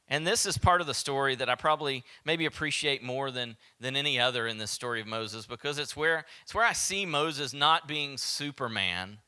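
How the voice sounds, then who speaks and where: A man with a Southern American accent preaching a sermon as pastor, animated and acting out quoted voices, sometimes dropping to a hushed whisper. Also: medium pitch, moderate pace, hardly any pauses, smooth.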